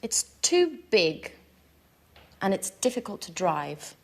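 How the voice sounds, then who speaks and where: A woman's voice: medium pitch, big pitch swings, slow, vocal fry, full character voice. A woman playing an eager young woman asking advice. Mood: friendly. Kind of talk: scripted dialogue for learners.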